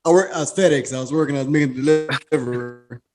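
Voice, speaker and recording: A podcast host with a fairly high voice chats and swaps stories in a loose, profane way. He often stops and restarts his sentences as he talks. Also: quick pace, loud music behind the voice. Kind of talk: casual podcast chat.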